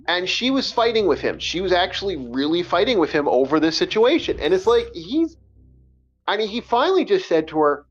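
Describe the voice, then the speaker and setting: A man's voice: sits high, sing-song, fairly quick, lo-fi sound, soft background music. A man hosting a casual podcast, telling a story in a rambling way with many restarts. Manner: rambling, repeats words. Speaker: podcast host.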